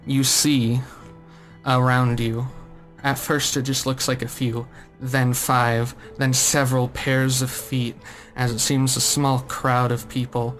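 A man running a tabletop game as its game master, narrating in a relaxed and loose manner with frequent fillers. His voice sits in a middling pitch. Faint music plays behind him.

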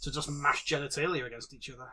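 A man hosting an improvised comedy podcast, playful and jokey with bursts of loud excitement. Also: on the high side, fast talker, slight background noise. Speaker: podcast host.

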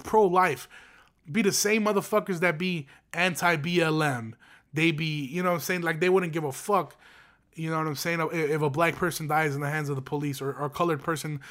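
A man's voice: on the high side, pushed and bright. A young man hosting a podcast, ranting in a casual, profane, slang-heavy way with many fillers and restarts. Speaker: podcast host. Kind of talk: casual opinion rant.

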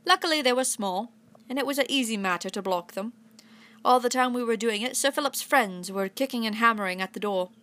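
A woman narrating a classic adventure novel aloud in an imitated English accent, in steady first-person storytelling. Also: fairly high pitch, fairly quick. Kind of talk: storybook reading.

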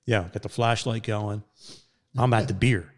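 A middle-aged man, hosting a casual podcast chat and telling stories with lively quoted voices and frequent laughs. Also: measured pace. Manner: animated storyteller, jumps into high put-on quotes, laughs often. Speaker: podcast host.

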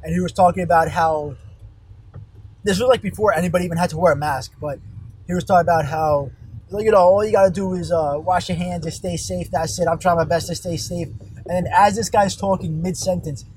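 Young guy venting on his phone while driving, slightly higher voice, rambling and cursing, faint car noise underneath. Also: steady tone, fairly quick, a little mellow, poor audio. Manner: profane, exasperated, rambling. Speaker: fast-food worker. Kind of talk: profane storytime rant. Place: car on a highway. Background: vehicle noise.

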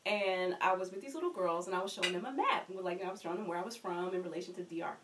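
Fast-talking woman from Philadelphia. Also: fairly low pitch, background noise. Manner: animated storyteller. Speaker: discussion panelist. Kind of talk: casual group chat. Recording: distant mic with crowd chatter.

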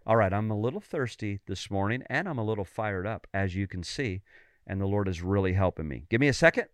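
Male preacher, fervent sermon, lively swooping pitch, smooth resonant voice, dry close sound. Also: fairly quick, dry recording. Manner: fervent, rising to loud emphatic calls; calls for amens from listeners.

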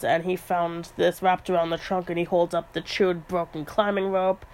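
A woman's voice: fairly low pitch, level tone, normal speed, few pauses, a little mellow, slight background noise. A woman casually retelling a novel's plot as a podcast host, chatty, with trivia asides and fillers. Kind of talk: casual storytelling recap.

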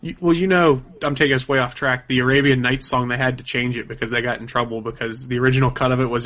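A man's voice: medium pitch, steady tone, fast talker, few pauses, a bit bright. A man hosting a casual podcast over webcam microphones, chatty and upbeat, laughing between lines. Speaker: host.

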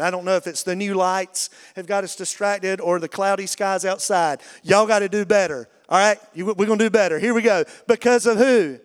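High-voiced pastor in a reverberant hall. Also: male voice. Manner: energetic call-and-response preaching. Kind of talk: sermon. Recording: long reverb of a large hall.

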